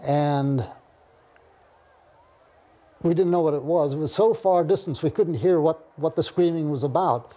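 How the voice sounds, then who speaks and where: Slow, mellow-voiced man recalling wartime. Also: on the high side. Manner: halting, with many pauses. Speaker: interviewee recalling the war. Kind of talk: interview recollection.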